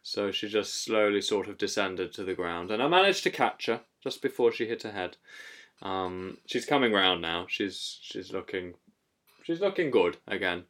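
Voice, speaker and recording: A male host in a deadpan comedy bit, his pitch rising and falling freely. He hesitates constantly and fills gaps with ums, keeping a mock-earnest tone. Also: normal speed. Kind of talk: deadpan comic improv chat.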